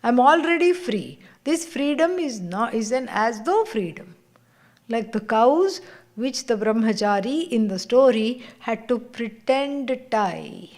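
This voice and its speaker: A woman spiritual teacher giving a scripture class, unhurried and laughing often as she tells stories. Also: on the high side, expressive, a little mellow.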